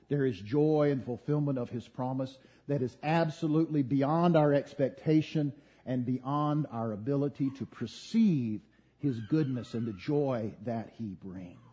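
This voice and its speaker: Husky mellow-voiced man preaching. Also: mid-range voice. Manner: animated storytelling, voicing quoted figures. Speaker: pastor. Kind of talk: sermon. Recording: dull lo-fi sound.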